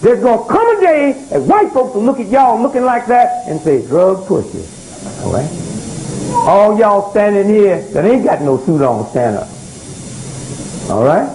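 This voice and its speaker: A man's voice: high voice, darkish tone, slight background noise, low-quality recording. A man giving live social commentary to an audience in a room, talking in a preacherly call-and-response way and often asking "right?" to keep the crowd with him. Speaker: speaker addressing a live audience.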